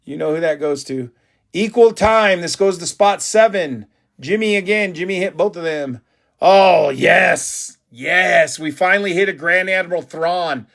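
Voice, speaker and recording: Hyped male stream host running a card break, slightly higher voice, talks straight to viewers. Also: measured pace, vocal fry. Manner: excitable, hyped, chatty with viewers.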